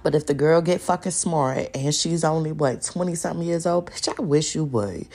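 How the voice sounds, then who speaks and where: Gravelly, husky woman ranting with curses. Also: sits low, normal speed, darkish tone. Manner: profane, confrontational, repeats lines for emphasis. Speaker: podcast host. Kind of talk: solo podcast rant.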